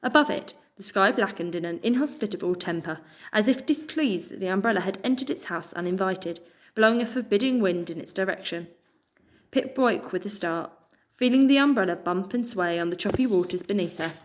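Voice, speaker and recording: A woman, reading a children's book aloud in a measured, expressive way. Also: medium pitch. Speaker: storyteller.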